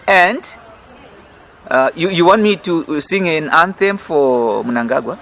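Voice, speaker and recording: A middle-aged man with a Zimbabwean accent speaks in a fiery, emphatic, rhetorical way, pressing each point as a campaign leader. His voice sits somewhat high for a man, with a faint hum of outdoor city sound behind him. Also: expressive, slow, fairly bright tone. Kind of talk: political interview. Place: outdoor restaurant in city gardens.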